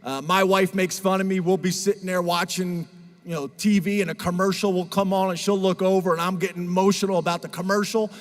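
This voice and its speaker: A man's voice: high voice, level tone, a little fast, soft background music. A middle-aged man speaking as head football coach at a press conference, earnest and emotional, choking up at times. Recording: long hall reverb.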